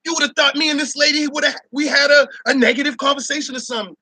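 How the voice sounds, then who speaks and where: A man hosting his own opinion show, ranting loudly with profanity and frequent laughter, and mocking people in shouted voices. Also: very high voice, fairly even intonation, rapid-fire, no echo. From Barbados. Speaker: show host.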